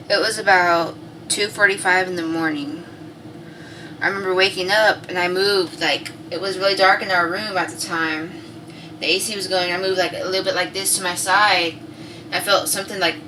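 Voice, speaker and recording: A woman's voice: on the low side, far from the mic, background noise. A woman, telling a personal story to camera in casual, profane chat. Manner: chatty, swears freely, acts out quotes loudly. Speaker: vlogger.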